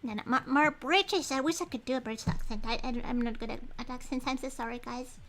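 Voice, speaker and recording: Woman livestreaming a detective game, high voice, rambly and excitable, keeps apologizing. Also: fast talker, a little hiss or hum. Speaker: streamer playing a detective game. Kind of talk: casual livestream chat.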